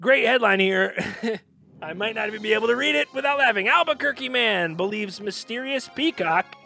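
A man's voice: high voice, expressive, a little fast, vocal fry, sharp tone, soft background music. A man co-hosting a casual comedy podcast, joking, laughing often and reading news stories aloud. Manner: jokey, laughs often, reads articles aloud. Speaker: podcast co-host.

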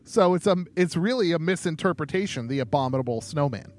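A man co-hosting a casual podcast, talking in a halting way with many ums and restarts. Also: on the high side, lively intonation, darkish tone. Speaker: podcast co-host.

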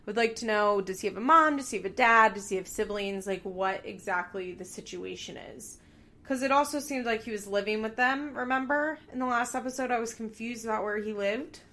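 A woman's voice: a little high, a little fast, pushed and bright. A woman giving a casual, candid recap of a reality TV episode, swearing freely as she talks.

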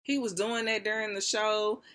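A woman vlogger in a casual gossip rant, animated and expressive, full of slang and fillers. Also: mid-range voice, normal speed.

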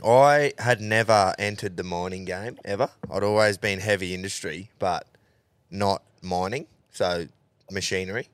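A man's voice: low-pitched, clear, resonant tone, no room sound. An Australian man co-hosting a podcast, bantering bluntly and swearing as he chips in. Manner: blunt, swearing, quick interjections.

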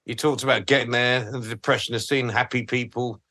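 A man's voice: mid-range voice, steady tone, fairly quick, bright, forceful tone. A middle-aged British man, a comedian co-hosting a podcast, making dry, wry remarks in casual chat.

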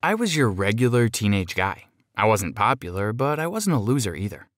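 A man narrating a first-person story in an expressive, dramatic way. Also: on the low side, fairly quick, no echo.

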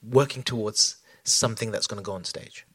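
A man's voice: on the low side, a little fast, a bit bright, husky, no room sound. A man talking as a choreographer in an onstage conversation, reflective, with many fillers and restarts. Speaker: choreographer guest.

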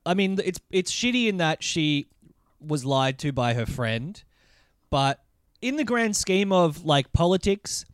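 A man in casual podcast chat, chatty and sweary, quick to laugh. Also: a little high, very animated, clear, resonant tone, no echo, clean studio sound. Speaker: podcast co-host. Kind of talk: casual chat recapping a TV episode.

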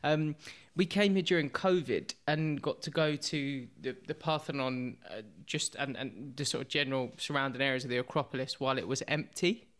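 A man's voice: medium pitch, normal speed, hardly any pauses, fairly bright tone. A young British man co-hosting a podcast, chatting casually and laughing at himself. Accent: British English. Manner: chatty, self-mocking, laughs often. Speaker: podcast co-host. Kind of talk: casual chat.

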